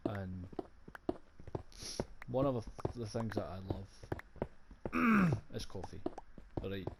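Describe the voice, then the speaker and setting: A young man with a Scottish accent rambles through a casual gaming vlog, joking and swearing as he goes. His voice sits fairly low, and loud noise runs behind it the whole time. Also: big pitch swings, extremely slow, vocal fry. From Scotland. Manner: rambling, profane, jokey. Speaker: gaming vlogger. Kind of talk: casual chat while playing a game.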